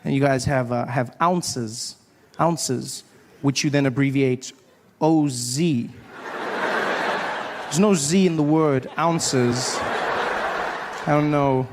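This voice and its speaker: A man doing a stand-up set, animated and slipping into put-on voices for the people in his stories. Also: medium pitch, takes it slowly, long pauses, noisy background. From South Africa. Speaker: stand-up comedian.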